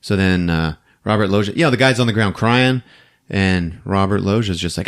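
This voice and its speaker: A man hosting a podcast, recapping a movie as an animated storyteller who laughs often. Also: low-pitched, a little fast. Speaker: podcast host.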